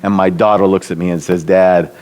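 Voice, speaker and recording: A middle-aged man gives a storytelling talk at a church leadership event, sharing personal stories with warmth. When he acts out what other people said, he raises his voice. His voice is low-pitched and steady, and he speaks fast.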